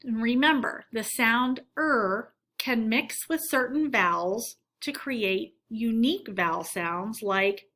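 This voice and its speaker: A woman teacher giving a recorded phonics lesson for children, reading words aloud slowly and deliberately for them to repeat. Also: fairly high pitch, animated, bright, forceful tone.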